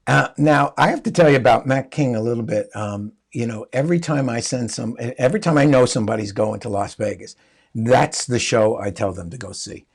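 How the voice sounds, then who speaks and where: A man hosting an interview, chatting in a friendly, rambling way with halting restarts. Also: mid-range voice, vocal fry, slightly rough. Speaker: podcast host. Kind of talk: casual interview chat.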